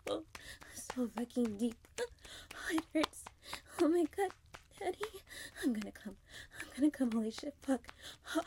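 Young woman breathy whispered role-play, high voice, slow drawn-out delivery. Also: sing-song, a little mellow, slight background noise. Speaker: audio role-play performer.

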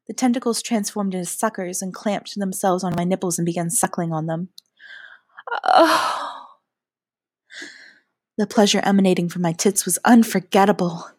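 A woman narrates a first-person story in a soft, hushed voice of middle pitch, sometimes slipping into a breathy whisper. The sound is close and dry, with no echo around it.

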